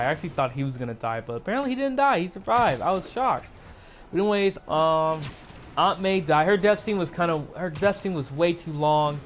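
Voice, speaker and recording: A man with a slightly high voice talks through a movie he just saw, casual and excitable. He rambles and restarts his sentences, leaning on fillers as he goes. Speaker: YouTuber.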